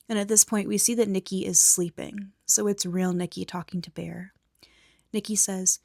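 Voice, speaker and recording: A woman recapping a movie in a soft whisper, blunt and opinionated, with some swearing. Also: medium pitch, steady tone, moderate pace, dry recording, studio quality. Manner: soft unvoiced whisper mixed with quiet speech.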